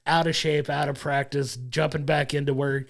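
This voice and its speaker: A man's voice: a little high, flat delivery, moderate pace, gravelly. A man co-hosting a podcast, chatting casually and enthusiastically about a film in long rambling sentences. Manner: enthusiastic, rambling, laughs along. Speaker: podcast co-host. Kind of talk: casual film review chat.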